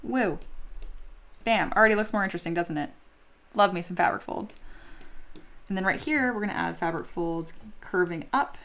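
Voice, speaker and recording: A woman with a lowish, slightly bright voice speaks at a moderate pace with frequent pauses. She's teaching 3D sculpting in a casual live-stream tutorial, chatty and self-deprecating, often laughing and reading viewer comments aloud.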